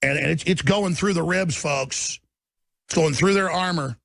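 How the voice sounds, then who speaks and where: Man, radio host, heated rant, raw gravelly voice, breathy rasp, shouts at peaks. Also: on the high side, moderate pace, dry recording, clean studio sound. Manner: preachy, rising to shouting. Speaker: radio talk show host. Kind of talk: impassioned on-air rant.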